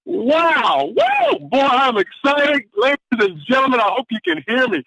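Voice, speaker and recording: Whooping excited man on a call. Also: extremely high pitch, normal speed, no echo, muffled recording. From Atlanta, Georgia. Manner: exuberant, whooping, preacher-like delivery. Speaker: caller giving motivational quotes. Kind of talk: excited conference-call pep talk. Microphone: phone line.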